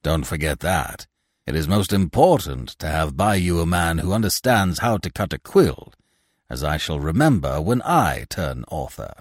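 Guy doing growly sarcastic clown, low and slow. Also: sing-song, dry recording, studio quality. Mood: sardonic. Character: gruff, sardonic male stage clown.

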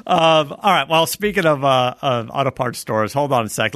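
A man from South Florida hosting a casual chat and reading an ad, relaxed and rambling. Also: mid-range voice, normal speed, dry recording, clean studio sound. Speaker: host.

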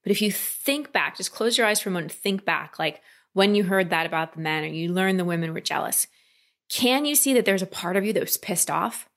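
A woman coaching a client in a calm talk, often slipping into quoted inner voices. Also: medium pitch, a little fast. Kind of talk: coaching session.

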